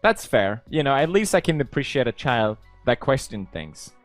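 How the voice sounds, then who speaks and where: A man's voice: medium pitch, very animated, moderate pace, faint music behind. A young man from Sweden reading posts aloud in casual commentary, sarcastic and playful, laughing often.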